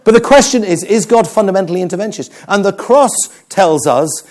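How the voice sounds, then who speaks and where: A man preaching a sermon, telling stories with jokes and an animated delivery. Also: sits high, a little fast, few pauses. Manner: animated, joking storyteller.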